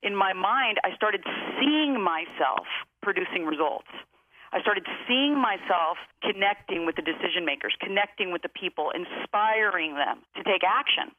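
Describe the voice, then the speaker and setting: A woman telling her story as a guest, emphatic and motivational, slowing down to stress key phrases. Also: mid-range voice, expressive, a little hiss or hum. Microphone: phone. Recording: tinny phone line.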